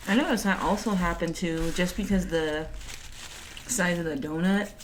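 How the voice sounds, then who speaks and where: Easygoing woman with a lowish voice, laid-back mukbang co-host, faint room noise. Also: normal speed. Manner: easygoing, agreeable, laughs often. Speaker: vlogger's sister, co-host. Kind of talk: casual mukbang chat. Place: home, indoors.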